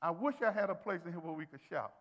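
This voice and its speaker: Preacher guy, really high voice, call and response, big church reverb. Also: expressive, fast talker, fairly bright tone. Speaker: pastor. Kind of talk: sermon. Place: church sanctuary. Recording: long hall reverb.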